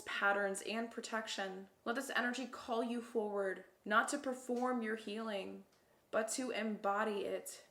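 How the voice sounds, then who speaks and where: A woman's voice: a little high, a bit bright. A woman giving a casual card reading to viewers, heartfelt and effusive, leaning hard on the lines she wants heard. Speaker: tarot card reader. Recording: echoey room.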